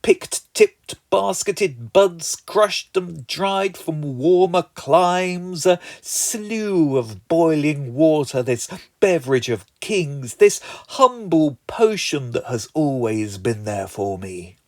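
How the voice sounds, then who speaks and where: A man's voice: fairly high pitch, expressive, slow, few pauses, dry recording. English guy doing mock-grand comedy poems, dry close sound. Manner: theatrical, mock-grand recitation. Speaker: comedic poet, show host. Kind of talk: comic poetry performance.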